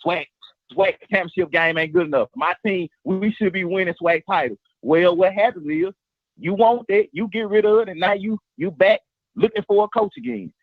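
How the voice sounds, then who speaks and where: A man's voice: high voice, fairly quick, gravelly, no echo. A man calling into a sports show, boastfully trash-talking a rival team's fans. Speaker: caller. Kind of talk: phone-in fan banter. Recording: dull phone-call audio.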